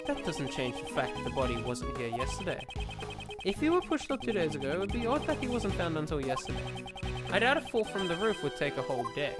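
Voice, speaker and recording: A streamer reading aloud a composed, formal male prosecutor who reasons through a case in a measured way. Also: mid-range voice, natural voice. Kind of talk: reading game dialogue aloud.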